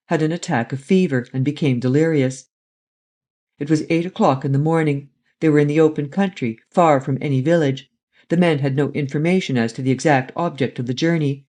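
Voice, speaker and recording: Mellow male audiobook narrator. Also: a little high. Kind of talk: scripted narration.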